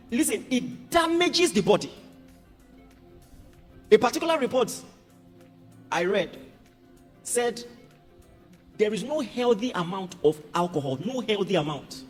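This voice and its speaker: A man preaching a sermon as a pastor, animated and humorous. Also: sits high, slightly rough. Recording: reverberant hall with music behind.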